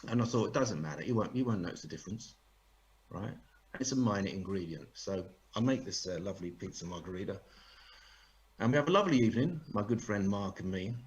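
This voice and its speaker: A man's voice: on the low side, expressive, fast talker, dull audio. A man doing a dry, sarcastic stand-up set over a video call. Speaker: stand-up comedian.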